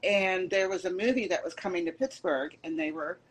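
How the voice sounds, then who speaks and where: A woman interviewer chatting casually and telling an animated story. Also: lowish voice, a little fast, husky, rough recording.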